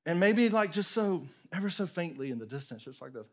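Animated preacher man. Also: sits high, fairly quick. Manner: animated storytelling, acts out voices, drops to near whisper. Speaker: pastor. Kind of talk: sermon.

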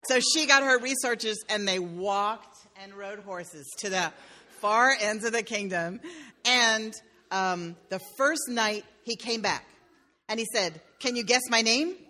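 A woman pastor retells a fairy tale as a sermon, with playful asides. Her voice is bright and clear, at a middling pitch for a woman. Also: slow pace.

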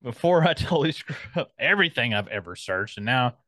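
A man's voice: mid-range voice, big pitch swings, brisk, fairly bright tone, no echo. A man co-hosting a podcast in casual chat, rambling as he scrolls and reads out film listings. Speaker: podcast co-host.

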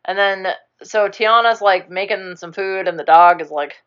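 A woman's voice: medium pitch, normal speed, a bit bright, clean tone, dull audio. A young woman chatting casually, rambling through a movie plot, swearing now and then and acting out the characters' lines. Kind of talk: casual chat retelling a movie.

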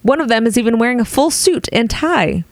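A woman's voice: fairly high pitch, lively intonation, brisk, dry recording. A woman co-hosting a casual podcast, reading news items aloud and then chatting and laughing often. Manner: giggly, reads news then chats. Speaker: podcast co-host.

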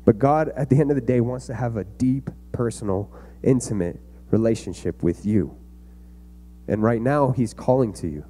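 A man's voice: medium pitch, normal speed, dark tone. A young man giving an earnest, conversational youth sermon to a room of kids. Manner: earnest, conversational preaching with fillers. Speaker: youth pastor.

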